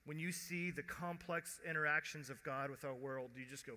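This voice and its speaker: A man preaching a sermon as pastor, conversational, acting out quoted voices and dropping to a hush at tender moments. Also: fairly high pitch, fairly even intonation, normal speed. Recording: long church hall reverb.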